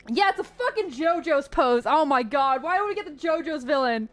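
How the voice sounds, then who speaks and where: A young woman streaming a game and reading its story aloud, excitable and swearing often. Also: high voice, moderate pace, few pauses, soft background music.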